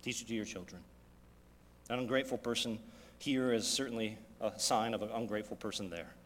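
A man preaching a sermon as pastor, with big swings between loud, raised passages and quiet, low asides. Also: fairly quick, a little hiss or hum. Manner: dynamic preaching with sharp swings in loudness and pitch. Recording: long reverb of a large hall.

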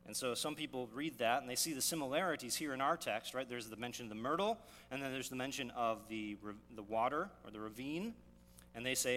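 A man's voice: mid-range voice, brisk, fairly bright tone. A male pastor preaching a sermon, teaching verse by verse with rhetorical questions and frequent restarts. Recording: long reverb of a hall, faint hum.

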